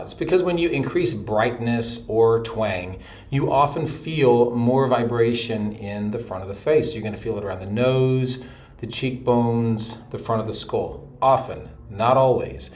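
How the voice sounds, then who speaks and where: A man from North Carolina who explains vocal technique in a calm, steady voice, hoarse from laryngitis. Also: fairly low pitch, slight background noise. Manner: explains calmly, with short vocal demos. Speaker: voice teacher. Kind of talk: explanatory voice lesson.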